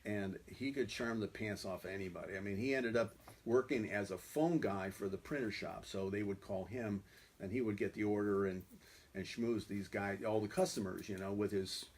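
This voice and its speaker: A man's voice: on the low side, normal speed, a little mellow. A man who is a guest musician, telling stories in a rambling way, full of "you know" fillers. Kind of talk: conversational storytelling.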